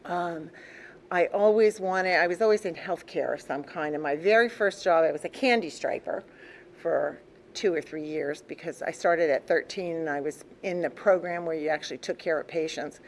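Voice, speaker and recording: An older woman speaks candidly to a group, recounting her past in a relaxed, conversational way. Her voice sits a little low, with restarts and small laughs along the way. A faint hiss of background noise lies under the recording. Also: normal speed. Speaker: recovery meeting speaker. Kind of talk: personal story told to a group.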